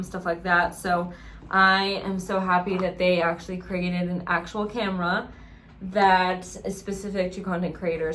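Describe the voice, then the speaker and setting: A woman's voice: fairly low pitch, a little hiss or hum. Chatty young woman vlogger, lots of "like". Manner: gushing, many "like" fillers. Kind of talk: casual vlog chat.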